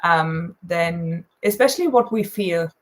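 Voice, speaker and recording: A woman's voice: on the low side, animated, unhurried. A woman chatting as a guest, thoughtful and hesitant, with a sarcastic streak. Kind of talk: casual chat.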